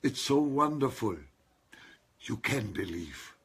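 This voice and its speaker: A man's voice: medium pitch, sing-song, slow pace, a bit bright, breathy edge. A man preaching a sermon, stressing single words and calling on his listeners to respond. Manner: emphatic, calls on listeners to respond.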